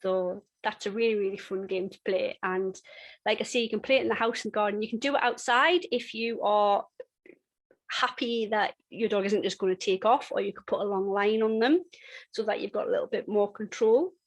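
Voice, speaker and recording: A woman's voice: medium pitch, moderate pace, low-quality recording. Chatty woman teaching dog training. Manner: chatty and conversational, frequent restarts, lively when acting out games. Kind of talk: webinar teaching.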